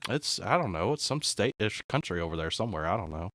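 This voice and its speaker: A man chatting casually on a stream, low-key and often trailing off into quiet asides. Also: sing-song, fast talker, no echo, studio quality. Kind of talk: casual chat.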